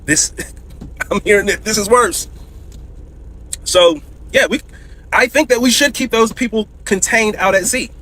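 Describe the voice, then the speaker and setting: A man's voice: high voice, measured pace, pauses often, sharp tone, poor audio. A man giving viewers a casual, urgent warning and repeating his points. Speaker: social media commentator.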